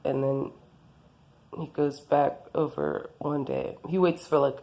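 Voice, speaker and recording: A woman tells a loose, rambling story, stringing quotes together with "he's like." Her voice sits low and mellow. It is everyday, unpolished chat. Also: very animated, slow pace. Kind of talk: casual storytelling.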